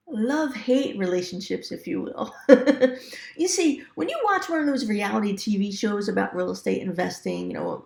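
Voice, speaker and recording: A woman talks straight to the listener in a casual storytelling style, her voice carrying a gravelly fry. She laughs easily and acts out little quoted asides. The recording has a noticeably roomy echo. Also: on the high side. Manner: chatty, laughs often, lively quoted asides. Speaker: real estate investor sharing stories.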